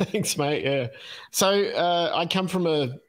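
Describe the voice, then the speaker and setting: An Australian man in his fifties, a podcast guest telling his life story in an unhurried way, with plenty of ums and uhs and easy chuckles. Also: fairly high pitch. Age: 50s. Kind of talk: casual storytelling interview.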